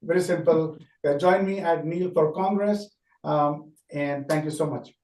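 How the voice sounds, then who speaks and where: A man giving a candidate's closing statement over a video call, earnest and rapid, with loosely structured sentences. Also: fairly high pitch, darkish tone. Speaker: political candidate. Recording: echoey room, distant from the mic.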